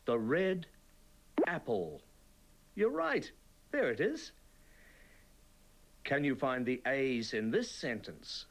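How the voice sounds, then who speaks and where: A man presenting a children's TV reading lesson, speaking slowly and clearly in an encouraging, sing-song way. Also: mid-range voice, very animated.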